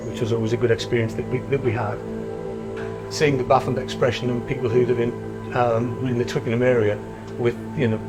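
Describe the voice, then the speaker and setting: Older guy talking slow and thoughtful, flat even voice, soft music under it. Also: mid-range voice, rough recording. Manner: reflective, halting with fillers. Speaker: rugby fan. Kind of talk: documentary interview.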